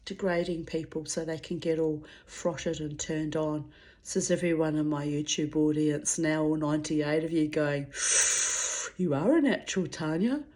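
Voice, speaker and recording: Speaking at a moderate pace in a deep, dark, level voice, a middle-aged woman shares a story with her channel. She's a vlogger, and the casual storytelling monologue comes out blunt, dramatic and full of profanity.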